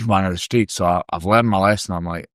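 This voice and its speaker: A Scottish man spins a lively, sweary yarn in a casual podcast chat. His voice sits fairly low. The sound is dry and close, with no room echo. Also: fairly quick. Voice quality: sweary, animated storyteller. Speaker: podcast guest. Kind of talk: casual storytelling.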